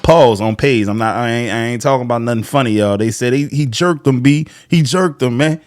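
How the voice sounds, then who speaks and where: A man's voice: medium pitch, a little fast, few pauses, no room sound, studio quality. A man giving casual reaction commentary, slangy and joking with laughing asides.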